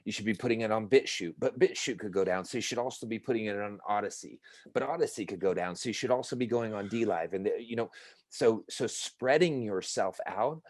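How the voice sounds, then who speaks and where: A man's voice: fairly low pitch, brisk, darkish tone, no room sound. A man in casual podcast chat, talking in an emphatic, profane, ranting way.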